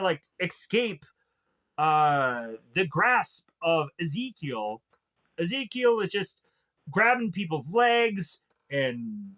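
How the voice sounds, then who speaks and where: A man's voice: high-pitched, fairly bright tone, dull audio. A man casually recapping a movie plot, laughing often and briefly mimicking the characters. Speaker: film reviewer.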